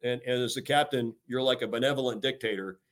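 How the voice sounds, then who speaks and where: An older American man, a retired admiral, speaks as a guest in an interview. He talks energetically and emphatically, stressing key words and filling gaps with "you know". His voice sits at an ordinary pitch for a man. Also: quick pace, fairly bright tone. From United States. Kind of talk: podcast interview. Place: talking remotely from home or office.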